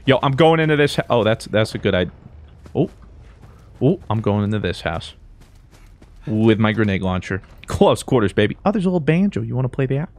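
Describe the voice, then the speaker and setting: A man doing let's play commentary, excitable and jokey, switching between mumbled asides and high-pitched yelps. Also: a little fast. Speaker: gaming YouTuber.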